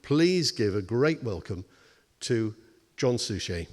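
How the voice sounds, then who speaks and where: A man's voice: on the low side, big pitch swings, takes it slowly. A man giving an upbeat, welcoming introduction of a speaker to a festival audience. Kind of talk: formal introduction. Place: festival venue before an audience. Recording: reverberant hall.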